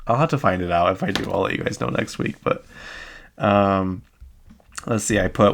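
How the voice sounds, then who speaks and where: Brief: man host, low gravelly voice, loose rambling recap chat full of "like"s. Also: moderate pace, long pauses. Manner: rambling, many fillers and "like"s. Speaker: podcast host.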